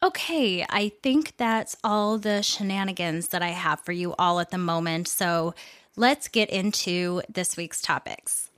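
A woman's voice: fairly low pitch, a little slow, fairly bright tone, no room sound, studio quality. A woman hosting her own news podcast, talking candidly and casually and swearing now and then. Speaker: podcast host. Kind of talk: casual solo podcast monologue.

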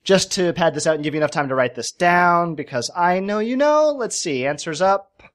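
A man's voice: high-pitched, expressive, a little fast. A man hosting a quiz on a casual podcast, playful, spelling out words letter by letter. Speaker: quiz host.

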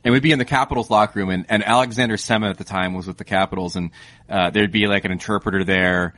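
A man's voice: lowish voice, fairly even intonation, fast talker, fairly bright tone. A man hosting a hockey podcast, talking casually and thoughtfully, with frequent fillers as he builds his points. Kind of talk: casual sports chat.

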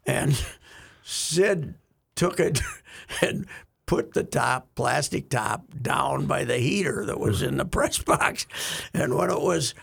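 A man's voice: animated, slow, a bit bright. An older man, a regular on a sports talk show, telling rambling stories in casual chat and breaking into chuckles. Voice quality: gravelly, husky. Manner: rambling storyteller, chuckling, bursts into high laughs.

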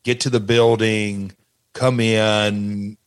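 An older man, a retired wrestler and guest, recalling backstage moments in a halting, rambling casual chat. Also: lowish voice, little pitch movement, clean tone.

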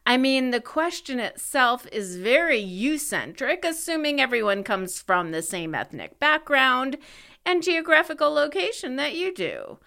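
A middle-aged woman from California co-hosting a podcast, reading her segments in a wry, brisk way. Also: high voice, animated, vocal fry, bright, forceful tone. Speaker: podcast co-host. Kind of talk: scripted podcast chat.

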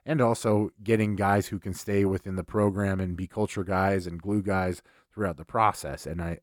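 Brief: male sports podcast host, casual and conversational, slightly low voice, dry recording. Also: dry recording. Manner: conversational, repeats words at starts.

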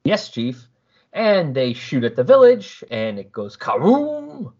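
A man's voice: on the high side, measured pace, muffled recording. A man casually recapping a story for a podcast, acting out the characters' dialogue as he goes. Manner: animated, jokey, acts out the dialogue.

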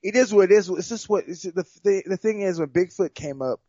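Fighter guest, male, rambling and repeating himself, slightly high voice, dull dry recording. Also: fairly quick, mellow, no room sound. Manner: rambling, repeats words and restarts. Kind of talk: casual sports chat.

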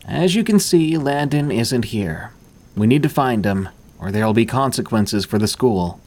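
A man's voice: medium pitch, lively intonation, moderate pace, a little mellow. A man voicing a stern male schoolteacher who speaks with urgent authority.

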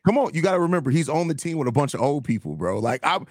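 A man's voice: a little high, sing-song, very fast, no room sound, studio quality. A man co-hosting a sports podcast, easygoing and casual, often calling his partner bro. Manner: easygoing, says bro, laughs along. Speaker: podcast co-host.

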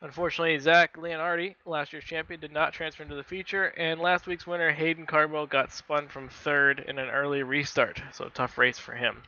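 A man with a bright, smooth voice goes through racing results for a podcast. He reads from notes casually, with many ums and uhs. The audio sounds dull and lo-fi. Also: a little high, level tone, fairly quick, hardly any pauses. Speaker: podcast co-host, news reader. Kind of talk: casual news rundown.

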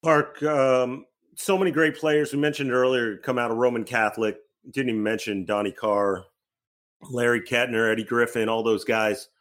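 A man's voice: mid-range voice, steady tone, moderate pace, a bit bright. A man co-hosting a casual interview, asking questions with hesitant fillers.

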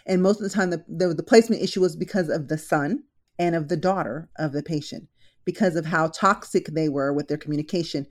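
A woman nurse hosting a casual advice podcast, telling animated stories from work and acting out what people said. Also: low voice, fairly quick. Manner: animated storyteller, acts out quotes.

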